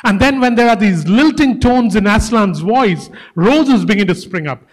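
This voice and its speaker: A man's voice: sits high, lively intonation, moderate pace, big-room sound. A male preacher giving a sermon, emphatic, repeating key phrases and calling his listeners guys.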